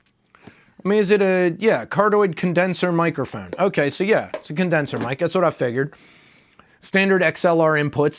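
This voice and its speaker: A vlogger with a slightly high voice, stuffed up from allergies, rambles through a casual unboxing while reviewing a microphone. His talk is loose, full of fillers and mild swearing. He records first on a lapel mic, then on a desk condenser mic.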